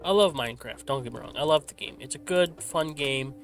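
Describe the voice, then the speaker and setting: Over soft background music, a man with a voice on the high side talks a little fast while playing games on his laid-back channel. His commentary rambles, with self-corrections and a slight stutter, and goes through a desk microphone with a simple filter.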